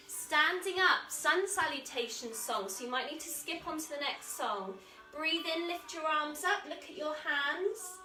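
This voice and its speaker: A woman with an English accent guiding a children's yoga class, calling out moves in a gentle, encouraging way. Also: sits high. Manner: encouraging, gentle, calls out moves while exercising. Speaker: kids yoga instructor. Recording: echoey room, voice from a distance, soft music.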